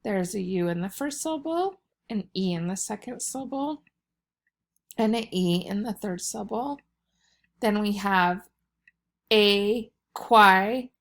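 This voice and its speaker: Patient woman teacher, gravelly edge. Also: mid-range voice, animated, a little mellow. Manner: slow, patient explaining. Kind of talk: recorded vocabulary lesson for children.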